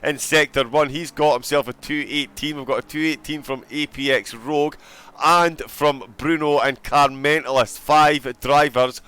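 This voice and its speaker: A man commentating on an online sim racing qualifying session, excitable and joking. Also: on the high side, clear, resonant tone. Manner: excitable, fast-talking, joking.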